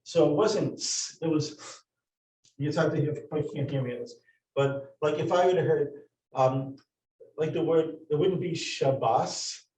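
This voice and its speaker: A man leads a classroom lesson, working step by step through his points and often stopping to question the class. His voice sits a little high. It is picked up from across a roomy classroom by a distant camera. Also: moderate pace, dark tone. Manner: explains step by step with many restarts and questions to the class. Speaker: teacher. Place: classroom with a board. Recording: roomy, from far off the mic.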